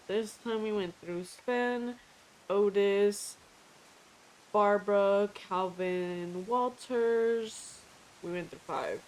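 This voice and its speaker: A woman's voice: fairly high pitch, slight background noise, rough recording. A woman hosting a casual let's-play video, emotional and near tears, with flustered, giggly talk that stumbles over repeated words. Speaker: gaming channel host. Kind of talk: casual gameplay commentary.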